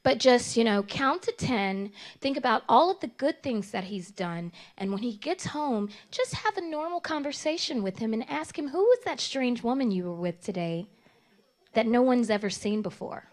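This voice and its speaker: A woman voicing a calm, preachy woman friend who speaks in a soothing, measured way and avoids drama. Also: on the high side, lightly acted. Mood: serene. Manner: soothing, measured, self-consciously serene.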